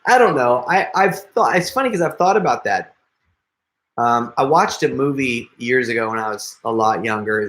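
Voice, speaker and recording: A man's voice: medium pitch, a bit bright. A middle-aged man chatting casually with viewers on a live stream, joking and laughing often. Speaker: prank video creator hosting a live stream.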